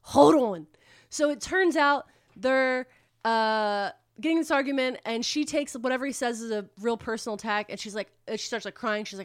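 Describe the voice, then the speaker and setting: A woman casually recapping a book plot on a podcast, rambling and animated, with swearing. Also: a little high, moderate pace, dry recording, clean studio sound. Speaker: podcast co-host retelling a book. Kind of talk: casual chat.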